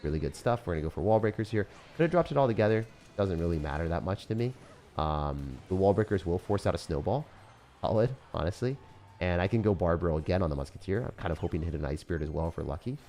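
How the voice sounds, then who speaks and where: A man's voice: sits low, expressive, warm tone. A young man giving live play-by-play commentary on his own game, explaining each move to his viewers. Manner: fast strategic play-by-play, addressing viewers as guys. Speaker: gaming YouTuber.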